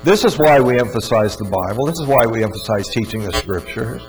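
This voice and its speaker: A man's voice: medium pitch, expressive, a little fast, faint music behind, poor audio. A man giving an earnest, emphatic religious teaching talk, often repeating words for stress. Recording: faint mains hum.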